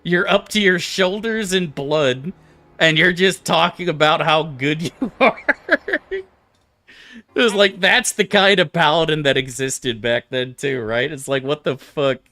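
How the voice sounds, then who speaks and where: A man streaming a video game, talking in a casual, animated, profane way and laughing often. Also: a little high, measured pace.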